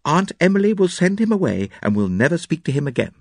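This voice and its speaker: A man voicing a cheerful, excitable young woman who exclaims in a high voice. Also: fast talker, no echo, studio quality.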